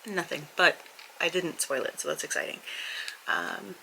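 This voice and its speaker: A woman's voice: fairly low pitch, big pitch swings, moderate pace, pushed and bright, slight background noise, low-quality recording. A woman book vlogger chatting candidly and rambling about her reading, recorded on a camera mic at home. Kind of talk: casual vlog chat.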